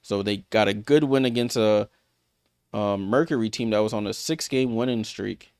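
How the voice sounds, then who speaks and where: A man hosts a casual live sports watchalong, chatting through score recaps with many fillers and restarts and responding to viewers by name. His voice sits on the low side, a little mellow, clear and resonant, at a moderate pace. The recording is dry and clean, studio-grade.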